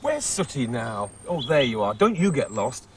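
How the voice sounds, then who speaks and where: A man's voice: mid-range voice, very animated, moderate pace, a little hiss or hum, rough recording. Playful man chatting to puppets. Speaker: puppeteer host. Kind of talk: children's TV puppet comedy.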